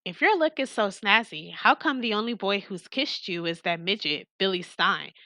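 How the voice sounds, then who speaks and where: A woman voicing a mischievous teenage girl with a menacing streak, reading a visual novel aloud, with teasing jabs that turn flat and cryptic. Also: medium pitch, normal speed, no room sound, clean studio sound.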